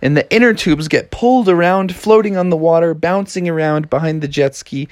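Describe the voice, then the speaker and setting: A man's voice: fairly high pitch, a little fast, a little mellow, no room sound. A man narrating a read-along children's story in a casual, playful way.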